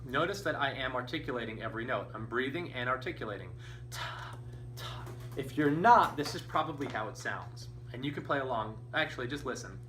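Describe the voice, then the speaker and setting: A man's voice: medium pitch, lively intonation, fast talker, few pauses. A man teaching a beginner band lesson, patient and encouraging, counting beats aloud. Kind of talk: instrumental lesson. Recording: distant mic with faint noise.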